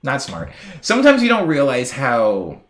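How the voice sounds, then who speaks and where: A man's voice: medium pitch, wildly swooping pitch, unhurried. Young american guy streaming, rambly and playful, voice jumps up and down a lot. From United States. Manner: rambling, chatty, playful, lots of fillers. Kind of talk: casual live-stream chat, reading chat aloud.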